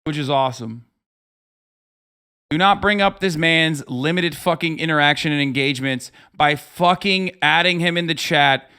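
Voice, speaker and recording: A man's voice: on the high side, normal speed, bright, forceful tone, clean tone. A man in his thirties hosting a livestream, giving profane, exasperated reaction commentary. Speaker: livestream host.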